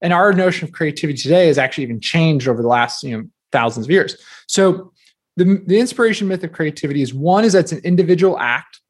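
Chatty man from New Jersey, slightly high. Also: animated. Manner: fast, filler-heavy, self-deprecating storytelling. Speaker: guest author. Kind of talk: casual interview talk.

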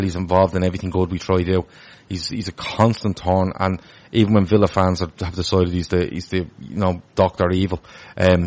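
A man's voice: deep voice, a little mellow. A man hosting a casual football podcast, chatty and full of restarts as he reads out viewer comments. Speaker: podcast host.

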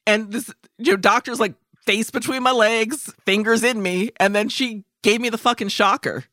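A woman's voice: a little high, fairly even intonation, moderate pace, pushed and bright, no room sound, clean studio sound. A woman in her forties telling a story on a podcast with plenty of profanity, acting out the other people's lines. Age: 40s. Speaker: podcast co-host. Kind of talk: casual comedic storytelling.

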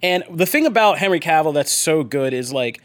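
High-voiced man hosting a podcast. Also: expressive, a little fast. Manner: jokey, rambling with fillers. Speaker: podcast host. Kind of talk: casual chat.

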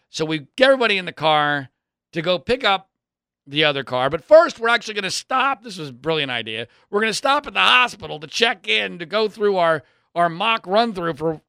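A man, probably in his thirties, telling a personal story in an exasperated way, swinging between loud outbursts and low mutters. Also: gravelly, smooth, no echo, studio quality.

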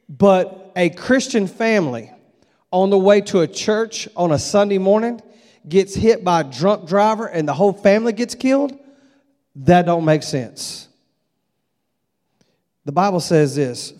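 A man's voice: fairly high pitch, a little mellow. A middle-aged man preaching a conversational, storytelling sermon at a revival. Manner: folksy, conversational, acts out voices in his stories. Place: church sanctuary. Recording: long echo of a church hall.

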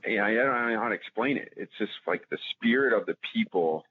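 His voice is lowish, husky and a little fast, with no echo, coming through tinny phone-line audio. The man is a podcast guest casually recounting hunting stories, rambling with many fillers and restarts and becoming animated when he retells events.

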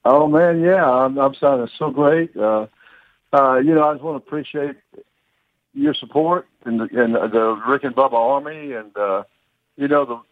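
An older man, calling in to a radio show, cheerful and earnest with halting speech. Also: medium pitch, dry recording. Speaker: caller. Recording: tinny phone line.

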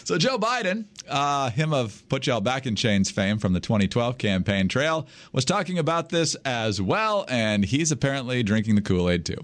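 A man's voice: medium pitch, sing-song, normal speed, few pauses. Male podcast host, sardonic, mid-range voice, conversational. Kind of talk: casual political talk.

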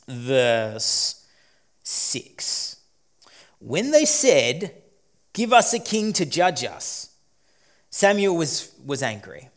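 A pastor preaching a sermon, moving between quiet reflection and loud emphatic points. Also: male voice, fairly high pitch. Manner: dynamic, swings from quiet to emphatic.

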